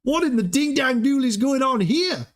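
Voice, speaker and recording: A man putting on the voice of a startled Australian man who exclaims over his portfolio in a high, squeaky tone with slang. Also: lively intonation, moderate pace. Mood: astonished. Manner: exaggerated astonishment, Aussie slang.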